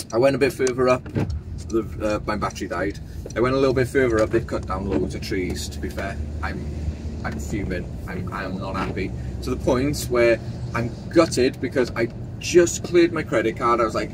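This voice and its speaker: A man's voice: mid-range voice, background noise. Fuming man ranting outdoors. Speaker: woodland owner. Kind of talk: vlog rant. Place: outdoors in woodland, later driving.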